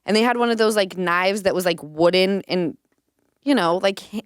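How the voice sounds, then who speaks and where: Smooth-voiced woman telling candid stories. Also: mid-range voice, moderate pace, no echo, studio quality. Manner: candid, animated storytelling with frequent "like". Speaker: podcast host. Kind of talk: casual chat.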